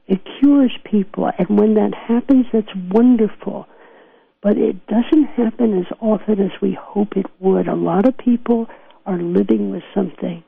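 Gravelly older woman on a phone line. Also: mid-range voice, no echo. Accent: New York. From New York. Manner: earnest storyteller, often laughs. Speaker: physician guest. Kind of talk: reflective interview talk. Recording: dry tinny phone line.

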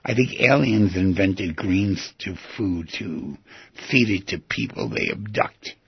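A man's voice: deep voice, slow, slightly rough, no room sound, full character voice. A man voicing a sulky, distrustful inner creature. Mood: grudging. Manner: grudging, stubborn, sulky. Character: grumpy distrustful inner creature self, male. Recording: dull lo-fi recording.

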